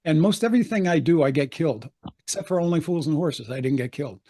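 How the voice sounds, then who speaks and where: An older actor, appearing as an interview guest, tells anecdotes in chatty fashion, laughing often and acting out voices he quotes. His voice is a little high, expressive, fast and mellow.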